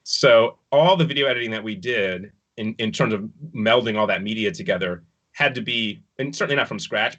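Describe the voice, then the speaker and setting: A man's voice: on the low side, sharp tone. A man casually recounting his work on a dance production, rambling with fillers and restarts, on a video call. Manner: rambling, with many fillers and restarts, chuckling at times. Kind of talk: casual recounting in an online panel discussion.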